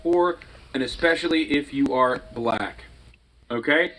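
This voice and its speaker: A man's voice: medium pitch, measured pace, a bit bright, rough recording. A man in a played clip, ranting heatedly and profanely in a commentary.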